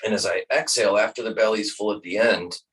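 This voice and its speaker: A man teaching a guided breathing lesson, calm and instructive, demonstrating each breath aloud. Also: fairly low pitch, quick pace, husky, recorded from a distance, poor audio.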